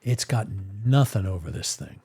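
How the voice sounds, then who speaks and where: A man's voice: deep voice, very animated, moderate pace, creaky, mellow, slightly rough. A man streaming a western role-play game, chatting in a rambling, playful way and talking to his horse while staying in character. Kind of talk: casual chat while role-playing in a game.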